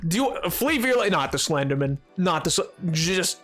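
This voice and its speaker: A live streamer playing a game, joking with chat in a loose, excitable way, jumping from loud outbursts to low mutters. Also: moderate pace, soft background music. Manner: excitable, bantering with chat, jumping between yelling and mumbling. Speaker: livestreamer playing a video game. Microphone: desk mic.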